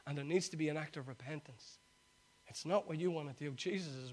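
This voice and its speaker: A man, preaching a sermon that swings from loud exhortation to quiet, intimate appeal. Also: fairly high pitch, a little fast.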